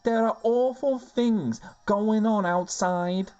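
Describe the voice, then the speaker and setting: A man's voice: sits high, takes it slowly, a little mellow, clean tone, highs cut off, pitched above the performer's own voice. A man voicing an earnest, lovesick young male winged elf in a put-on Scouse accent, pleading and emphatic.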